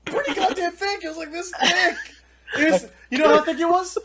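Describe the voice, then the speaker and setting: A man's voice: very high voice, brisk, fairly bright tone. A man co-hosting a podcast, telling a story in casual, profane chat and laughing as he goes. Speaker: podcast co-host.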